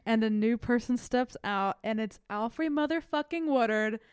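A young woman co-hosts a podcast and recaps a TV episode in casual chat. Her voice sits fairly high, and she talks in an animated, profane way. The close mic sound is dry. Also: moderate pace, smooth, dry recording. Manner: animated, swears freely, laughs often. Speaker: podcast co-host.

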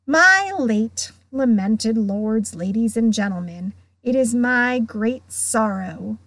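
A woman's voice: a little high, lively intonation, slow pace, fairly bright tone, no room sound, heavily acted. A woman reading aloud, voicing a stiff, bitter, dignified male ghost with formal speech.

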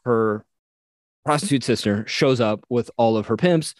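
A man casually retelling a medieval legend on a podcast, animated and acting out the characters he quotes. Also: mid-range voice, measured pace, no echo. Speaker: podcast co-host. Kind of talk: casual storytelling chat.

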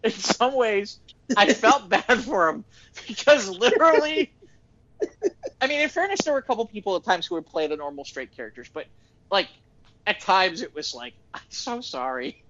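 A man chats casually with a bright, high, forceful voice. He tells his stories with animated energy and keeps slipping into the voices of the people he quotes. The recording sounds dull and lo-fi. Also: normal speed. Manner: animated storyteller acting out quotes. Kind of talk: casual chat.

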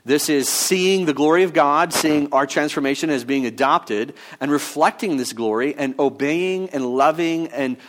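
A man preaching a sermon in a conversational teaching style, pausing with fillers and restarts as he works through his points. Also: a little high, fairly bright tone. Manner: mock-voices other views in quoted asides. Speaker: pastor.

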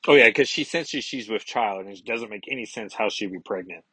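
A man's voice: on the low side, a little fast, bright, forceful tone, breathy edge, no room sound, low-quality recording. A man hosting a casual podcast, recapping a comic book in a rambling way, with many fillers and self-corrections, on a close microphone. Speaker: podcast host.

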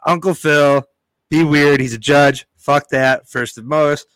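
A man giving a profane, animated opinion rant in casual podcast banter. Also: on the high side, unhurried, clear, resonant tone, no echo, poor audio.

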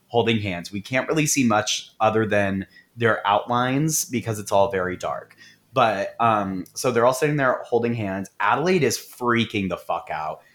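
A man co-hosting a podcast, recapping a movie in casual, profane chat with frequent laughs. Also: on the low side. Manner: profane, laughing, animated storytelling. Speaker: podcast co-host.

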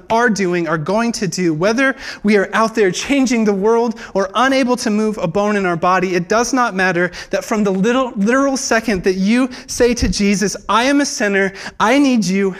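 A young man giving a sermon in a church, earnest and halting, with many filler words and restarts. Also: sits high. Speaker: preacher.

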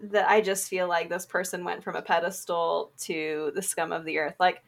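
A woman's voice: fairly low pitch, little pitch movement, normal speed, vocal fry. A woman co-hosting a casual anime discussion podcast, giggly and laughing through her stories. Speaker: podcast co-host.

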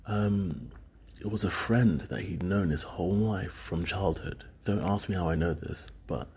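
A man's voice: low voice, measured pace, a little mellow, slightly rough. A man in his thirties from the UK, musing alone in a rambling, hesitant way with many fillers. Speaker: solo speaker recounting dreams. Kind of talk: casual monologue.

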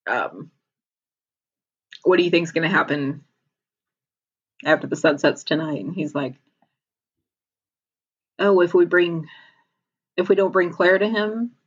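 A woman's voice: on the low side, unhurried, pauses often, slightly rough, highs cut off. A woman casually retelling a TV episode as a podcast co-host, laughing often as she talks.

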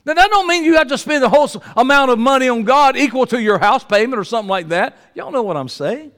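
Male pastor mid-sermon, very high, smooth, resonant voice carried by long hall reverb; shifts from loud high exclamations to low quiet asides. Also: animated, fast talker.

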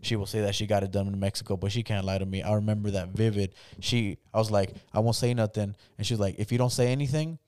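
A young man hosts a laid-back podcast, rattling off profane stories at a quick clip. His voice sits a little low and comes through smooth and clean. The sound is dry and close. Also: steady tone, darkish tone, no echo. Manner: loose, profane storytelling. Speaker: podcast host. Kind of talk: casual chat.

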